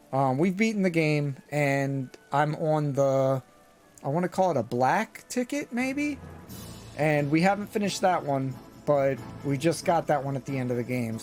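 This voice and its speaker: A man streaming a game live, chatting in a relaxed, casual way with fillers. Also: mid-range voice. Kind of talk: casual live gaming chat.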